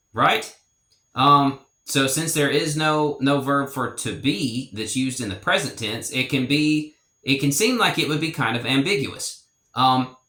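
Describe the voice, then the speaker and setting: Male teacher, slow and careful, bright tone, roomy echo. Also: medium pitch. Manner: slow, deliberate, repeats example phrases. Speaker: language teacher. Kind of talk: explanatory language lesson.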